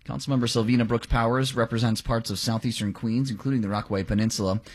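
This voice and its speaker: Brisk husky male radio newsreader. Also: medium pitch, steady tone. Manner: brisk, clipped news delivery. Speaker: radio news and weather presenter. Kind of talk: news read on air.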